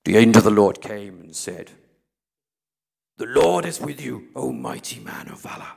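A man voicing a grand male angel, speaking deep and slow as if his voice echoed. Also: very animated, vocal fry, a little mellow, slightly rough, exaggerated voice. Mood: grandiose. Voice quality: deep, with a put-on echo. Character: booming male angel with an echoing voice. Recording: echoey hall.

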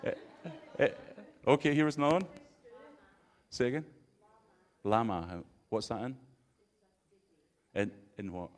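A man's voice: mid-range voice, lively intonation, unhurried, long pauses. A man, a pastor giving an interactive sermon and bantering playfully with his congregation.

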